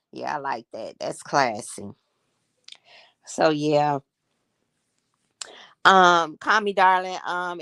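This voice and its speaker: Woman, sixties, livestream host, gossipy casual chat, lowish voice, lively swinging pitch, dry close sound. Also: no echo. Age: 60s. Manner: chatty, gossipy, addresses viewers as y'all.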